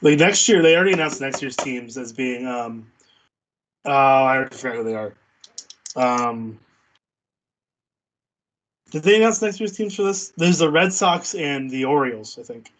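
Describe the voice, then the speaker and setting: A man's voice: mid-range voice, animated, measured pace, long pauses, fairly bright tone, poor audio. A man co-hosting a casual baseball watch-party stream, laid-back, laughing easily and trailing off. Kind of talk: casual chat.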